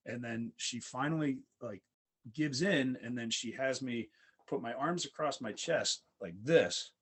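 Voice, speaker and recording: A man's voice: mid-range voice, expressive, measured pace, a bit bright, breathy edge. A young adult man casually telling a long personal story, rambling with many fillers.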